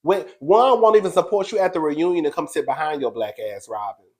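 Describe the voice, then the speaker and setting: Slightly high, slightly fast, and darkish in tone, the host's voice carries a reality TV recap. He's brash and sassy, swears freely, and laughs a lot while gossiping.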